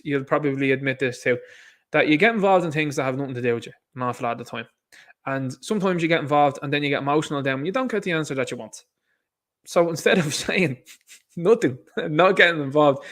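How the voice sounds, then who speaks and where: A man hosting his own online show, giving a blunt, mocking commentary monologue that rambles with restarts. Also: mid-range voice.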